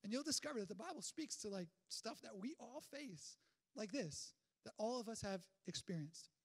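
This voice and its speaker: A man with a very high voice preaches to his church. He talks in a conversational, energetic way, firing off rhetorical questions and often restarting his sentences. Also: moderate pace. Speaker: pastor. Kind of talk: sermon.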